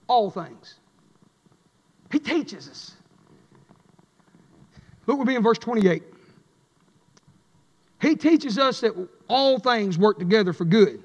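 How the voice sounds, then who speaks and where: A man preaching a fiery sermon, chanting and swinging between shouted lines and a low drawl. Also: expressive, slow, pauses often. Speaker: pastor. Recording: echoey church hall.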